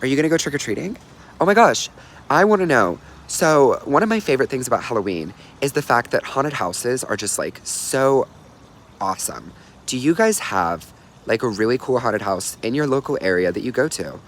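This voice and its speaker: A man's voice: mid-range voice, sing-song, fairly quick, a little hiss or hum. A young man chatting casually on a livestream, bubbly and talkative, reading viewer comments and telling stories. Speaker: livestream host.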